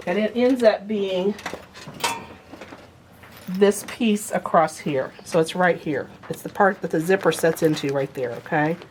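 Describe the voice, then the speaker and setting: A sewing instructor with a fairly low voice gives a casual demonstration at an unhurried pace, chatting through each step as she handles the materials. There's slight background noise.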